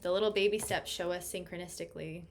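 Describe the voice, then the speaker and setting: A woman's voice: lowish voice, steady tone, quick pace. A woman giving a casual tarot reading, bubbly and effusive, laughing often. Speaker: tarot reader.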